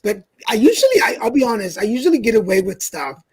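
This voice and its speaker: A man's voice: high voice, big pitch swings, fast talker, a little mellow, husky, rough recording. A man co-hosting a casual chat show, sassy and chatty as he thanks viewers and leads topics. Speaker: co-host.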